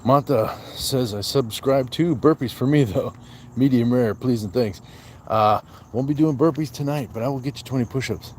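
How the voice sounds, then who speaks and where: Over a faint hiss or hum, a man speaks at medium pitch and a moderate pace while running a casual livestream. He cracks jokes, calls viewers by name, reads from the chat, and counts his push-ups aloud.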